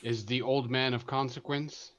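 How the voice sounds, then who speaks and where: A man playing a tabletop game, casually thinking out loud and asking questions. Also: mid-range voice, steady tone, normal speed. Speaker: player.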